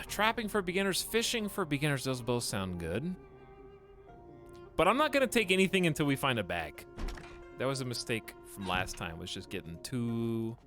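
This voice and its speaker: A male game streamer talking casually to his chat while he plays, musing aloud and laughing at his own jokes. His voice is bright and swings widely in pitch. Faint game music plays underneath. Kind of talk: casual gameplay commentary.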